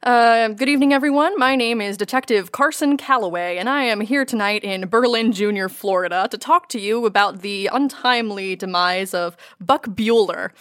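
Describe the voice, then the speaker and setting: A woman's voice: medium pitch, moderate pace, few pauses, a bit bright, no echo, studio quality, natural voice. A woman playing a formal federal detective questioning suspects in a tabletop murder mystery game. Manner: formal, official address.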